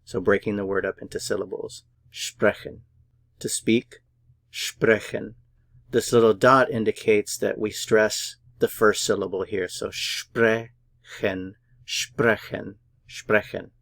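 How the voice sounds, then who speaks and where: Male teacher, slow and deliberate, lowish voice, dry close sound, repeats words patiently for beginners. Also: steady tone, gravelly, fairly bright tone, no room sound. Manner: patient and deliberate, repeating each word several times. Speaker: language teacher. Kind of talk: slow, syllable-by-syllable pronunciation lesson.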